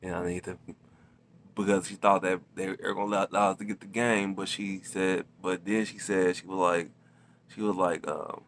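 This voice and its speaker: A man's voice: deep voice, level tone, normal speed, slight background noise. A man casually telling a personal story, rambling with many fillers, restarts and slang. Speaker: storytelling vlogger.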